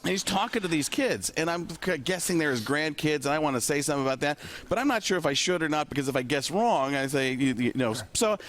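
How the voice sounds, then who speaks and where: Male comic guest, raised pitch, very lively swings, faint studio ambience behind. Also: fast, hardly any pauses. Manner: animated, jumps into character voices. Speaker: comedian guest. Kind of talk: comic storytelling on talk radio.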